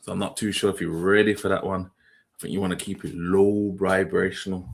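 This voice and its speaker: A man's voice: low voice, flat delivery, brisk, creaky. A young man hosting a casual reaction livestream, talking in slang, rambling and putting questions to his chat. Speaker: livestream host.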